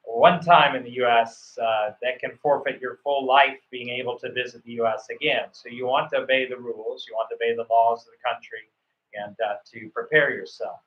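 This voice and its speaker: Over a call, a man coaches students for a visa interview, rambling with plenty of fillers and restarts. He talks briskly in a mid-range voice with fairly even intonation, and the room sounds echoey and muffled.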